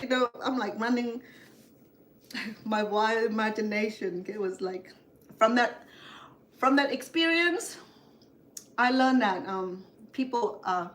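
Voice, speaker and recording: An older woman cooks on her show while chatting her way through rambling family tales, mimicking family members' voices. Her voice is mid-range and fairly bright.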